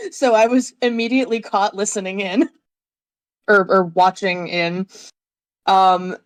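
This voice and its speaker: A woman's voice: on the low side, clear, resonant tone, no room sound. Eager woman player in a tabletop game. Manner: eager, quick to laugh. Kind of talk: casual play chat. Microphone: own mic on online call.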